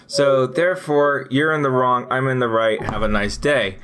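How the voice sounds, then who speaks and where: A man co-hosting a podcast, chatting casually and acting out his own retorts in a lively way. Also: mid-range voice, normal speed, hardly any pauses, clean tone. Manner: animated storyteller who acts out his own retorts. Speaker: podcast co-host.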